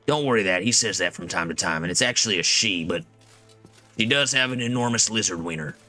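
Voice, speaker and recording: A man's voice: on the low side, expressive, fairly quick, sharp tone. A man giving casual, joking gameplay commentary with lots of filler words. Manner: casual, joking, says "dude" and "like". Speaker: gaming video creator. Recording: game music behind.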